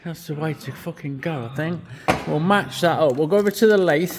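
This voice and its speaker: A man's voice: fairly high pitch, a little fast, a crowd in the background. A middle-aged man, giving a muttered, swearing running commentary as he works in a cold workshop. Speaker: custom motorcycle builder.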